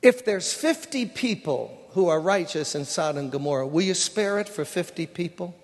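A man in a sermon acting as an old patriarch bargaining humbly, pleading and apologetic in a fairly high voice. The hall gives it a long, ringing reverb. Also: lively intonation, moderate pace.

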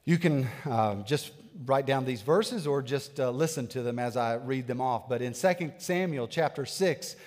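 A man in his thirties preaching a sermon as a pastor, animated, swinging between loud bursts and hushed asides. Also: medium pitch, normal speed, hardly any pauses, in a large hall. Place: church sanctuary.

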